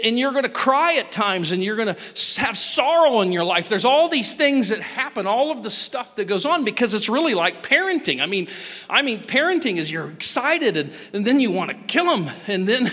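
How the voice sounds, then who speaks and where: A high-voiced, bright man in his fifties preaching a sermon with a lively, rising and falling delivery. He tells stories with a joking touch and sudden leaps in pitch. His voice rings out with a long echo from a large hall. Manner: animated, joking storyteller with sudden pitch jumps. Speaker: pastor.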